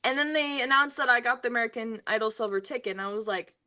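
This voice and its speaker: A woman's voice: on the high side, fast, sharp tone. A young woman, a singer and interview guest, telling stories casually with lots of fillers and frequent laughter. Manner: chatty, filler-heavy, laughs often while telling stories.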